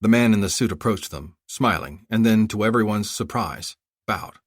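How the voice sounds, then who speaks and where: A man reading a thriller audiobook aloud in an expressive narration. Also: lowish voice, normal speed, dry recording, studio quality. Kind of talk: scripted narration.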